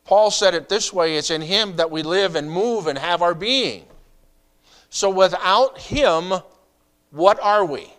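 Middle-aged guy preaching, smooth clear voice, a bit high, chatty asides and questions to the crowd. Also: lively intonation, takes it slowly, a bit bright. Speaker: pastor. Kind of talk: sermon.

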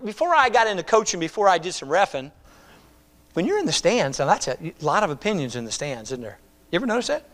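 A middle-aged man preaching a conversational, animated sermon, acting out quoted voices. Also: high voice. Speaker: pastor.

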